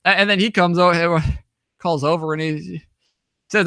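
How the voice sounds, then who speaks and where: A man's voice: a little high, steady tone, moderate pace, sharp tone, smooth, no room sound, studio quality. A young man casually telling travel stories over slides, rambling with many restarts and fillers. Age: young adult. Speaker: guest, author and traveler.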